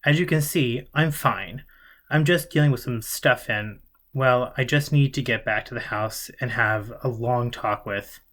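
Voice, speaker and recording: A man's voice: mid-range voice, measured pace, a bit bright, natural voice. A man voicing a nervous, confused young man who stammers anxiously in an audiobook.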